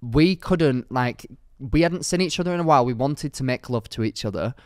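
A young man, telling a long, winding story to his co-host. His voice sits at an ordinary pitch and sounds close and dry, with no room around it. He rambles, leans on "like", and gets animated as the tale builds. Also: normal speed, no room sound. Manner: rambling, animated storyteller with frequent "like" fillers and laughs. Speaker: podcast co-host. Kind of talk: casual storytelling chat.

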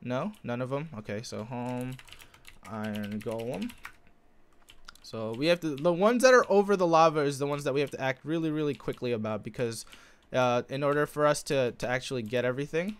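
A young man giving live commentary on his own gameplay, calm one moment and yelling with excitement the next. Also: medium pitch, brisk, clean tone. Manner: excitable, swings between calm narration and shouting. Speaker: gaming video host.

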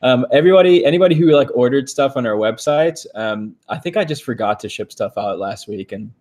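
A man's voice: mid-range voice, a little fast. Chatty, easygoing male co-host. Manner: relaxed, chatty, many ums and likes. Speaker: live-stream co-host. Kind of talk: casual live-stream chat.

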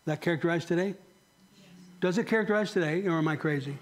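A male pastor delivers a sermon in a church sanctuary, speaking with earnest conviction. His voice sits a little high for a man. He keeps turning to the congregation with direct questions. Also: fast.

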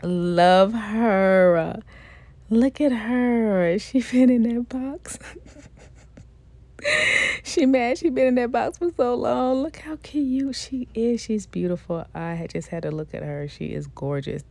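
A woman's voice: a little high, slow, vocal fry, dark tone, no echo. Gushing woman unboxing a doll. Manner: gushing, repeats herself, talks to viewers directly. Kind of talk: excited unboxing chatter.

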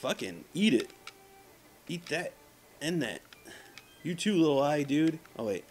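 Male let's-play host: animated, swings up and down in pitch, swears constantly, trash-talks enemies, mocks himself. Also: measured pace, long pauses, faint music behind. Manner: profane, trash-talking the game's enemies; self-mocking banter. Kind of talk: casual gameplay commentary.

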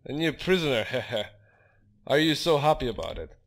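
A man's voice: medium pitch, sing-song, brisk. Man doing a greedy chuckling jailer. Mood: sneering. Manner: sneering, chuckles heh heh. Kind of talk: fan reading of game dialogue.

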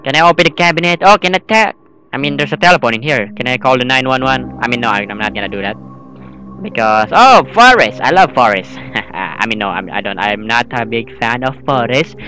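A man giving rambling horror gameplay commentary as a channel host, excitable and breaking into yelps and screams. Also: mid-range voice, a little fast, faint music behind, rough recording.

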